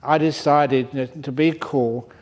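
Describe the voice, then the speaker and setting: A man's voice: mid-range voice, steady tone, takes it slowly, darkish tone. An older man, a Buddhist monk, giving a humorous dharma talk, teasing and laughing at his own stories at a retreat. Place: retreat centre hall.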